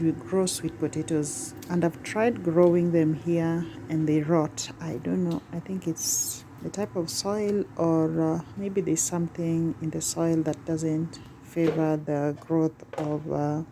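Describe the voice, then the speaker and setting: A woman's voice: deep voice, steady tone, measured pace, hardly any pauses, mellow, a little hiss or hum. A woman vlogging from village life, talking casually and straight to her viewers. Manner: chatty, speaks straight to viewers.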